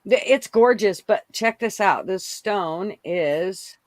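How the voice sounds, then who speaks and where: A woman's voice: mid-range voice, lively intonation, takes it slowly, no room sound. A woman chatting casually as a guest on a live stream, eagerly showing and explaining her work. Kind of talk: casual show-and-tell.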